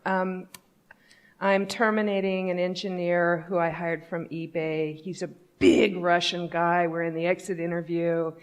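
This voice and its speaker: A woman's voice: lowish voice, little pitch movement, unhurried, muffled recording. A woman giving a conference talk on company culture, speaking bluntly and candidly in a conversational way.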